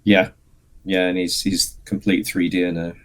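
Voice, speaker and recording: A man, a guest on a casual interview podcast, explaining his craft patiently with plenty of pauses and fillers. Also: low voice, little pitch movement. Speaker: guest, miniature sculptor and painter.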